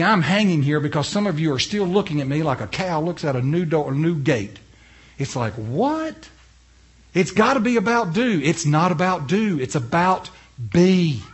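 A male pastor preaching a sermon in an emphatic way, swinging from hushed to loud and putting rhetorical questions to the congregation. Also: medium pitch, husky.

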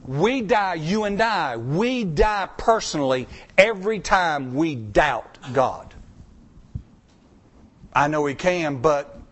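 The sermon comes from a male pastor whose voice sits fairly high and whose style is folksy and conversational. His intonation is lively, swinging up and down as he makes points, and he speaks slowly with a touch of brightness.

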